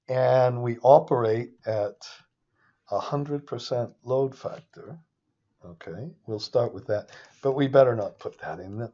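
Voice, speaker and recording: A man giving a casual, rambling lecture on a screen share, excitable and often interrupting himself. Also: medium pitch, muffled recording. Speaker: finance instructor.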